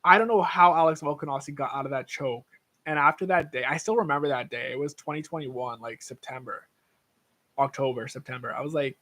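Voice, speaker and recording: A man's voice: medium pitch, moderate pace, sharp tone. A young man talks casually on his own livestream. He rambles and wanders off on tangents, swears easily, and keeps an everyday mid-range voice throughout. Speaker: livestream host.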